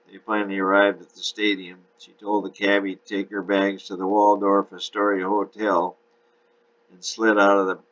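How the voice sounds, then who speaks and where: A man narrates a novel chapter in a steady storytelling voice. His tone is very deep yet bright and forceful. The recording sounds a bit dull and lo-fi.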